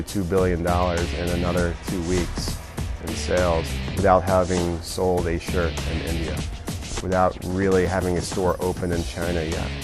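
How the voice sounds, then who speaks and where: A man speaking earnestly as a company executive in an interview. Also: deep voice. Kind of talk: interview over music. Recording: music bed behind the voice.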